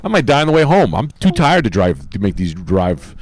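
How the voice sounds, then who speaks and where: A man's voice: fairly low pitch, sing-song, fairly quick. A middle-aged man, a guest comedian in casual podcast chat, telling crude, riffing, joking stories.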